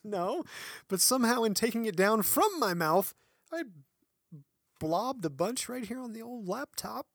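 A middle-aged man chats on a podcast in a slightly high voice with wide swings of pitch. He rambles and mocks himself with frequent laughs. The sound is dry and close, with no room echo. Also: animated, unhurried, gravelly, fairly bright tone. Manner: rambling and self-mocking, laughing often. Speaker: podcast co-host. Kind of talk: casual podcast chat.

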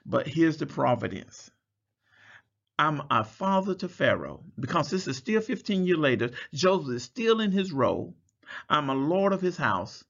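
A man's voice: a little high, sing-song, normal speed, gravelly, muffled recording. A man preaching a Bible study sermon, reading scripture aloud and explaining it, drawing out words for emphasis.

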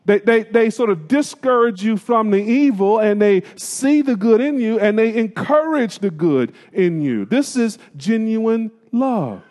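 High voiced pastor man preaching, folksy, asks the crowd stuff, big church reverb. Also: lively intonation, measured pace, few pauses, a little mellow. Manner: preaching with call-and-response questions and colloquial phrasing. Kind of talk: sermon. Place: church sanctuary. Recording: long reverb of a church hall.

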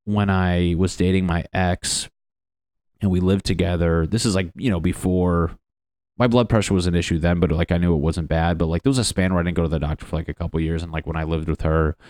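Deep-voiced man rambling casually. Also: fairly even intonation, fairly quick, a little mellow, no room sound, studio quality. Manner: rambling, profane, self-deprecating. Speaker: vlogger. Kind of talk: casual personal talk to camera.

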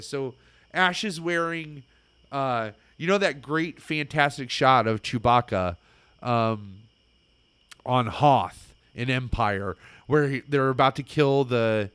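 A man telling a story in casual chat, excitable and rambling, full of fillers. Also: mid-range voice, clear, resonant tone, dry recording.

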